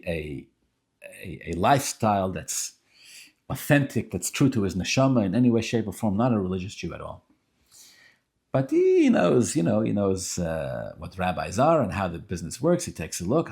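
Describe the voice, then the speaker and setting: A man telling a story in an animated, informal way, sprinkling in Yiddish and Hebrew terms. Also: fairly low pitch, vocal fry.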